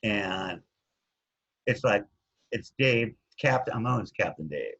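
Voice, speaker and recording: Husky man rambling through a story. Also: fairly low pitch, lively intonation, takes it slowly, a bit bright. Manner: rambling, keeps saying anyways. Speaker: guest telling his recovery story. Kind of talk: casual storytelling. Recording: dull lo-fi recording.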